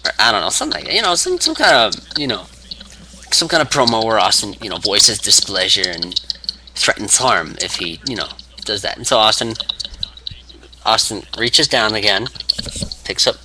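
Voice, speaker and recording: A man's voice: fairly low pitch, normal speed, long pauses, background noise. A man rambling casually through a story, full of fillers and restarts. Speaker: wrestling fan.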